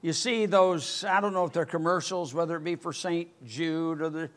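An older man preaching a sermon, telling a story in an animated way and rising to near-shouts. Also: a little high, normal speed. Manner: animated, rises to near-shouting when excited. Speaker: pastor.

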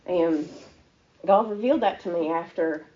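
A woman telling her personal faith testimony in an earnest, halting, emotional way. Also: lowish voice, a little mellow, dull audio.

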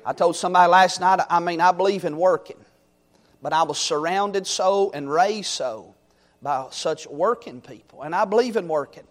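A middle-aged man preaching a sermon, swinging from loud exhortation to quiet storytelling. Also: sits high, normal speed.

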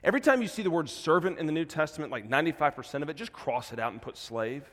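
A man's voice: on the high side, animated, racing, few pauses. Man preaching in a reverberant church. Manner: swings from hushed, soft passages to loud, emphatic preaching. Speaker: pastor. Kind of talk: sermon. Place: church sanctuary. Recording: long hall reverb in a church.

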